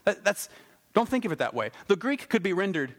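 A man preaching a sermon in a lively, conversational way, with wry asides. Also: high-pitched, brisk. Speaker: pastor.

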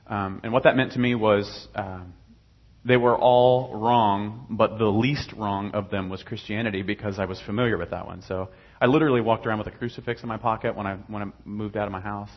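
Husky man rambling through a testimony. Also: lowish voice, fairly even intonation, fast, few pauses, lo-fi sound. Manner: rambling, many fillers and restarts. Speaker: guest telling his faith story. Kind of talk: casual personal testimony.

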